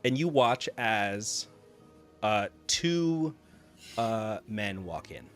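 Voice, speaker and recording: A man narrating a tabletop game as game master, halting with frequent fillers. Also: on the low side, animated, a bit bright, soft background music. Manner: halting, with many fillers and restarts.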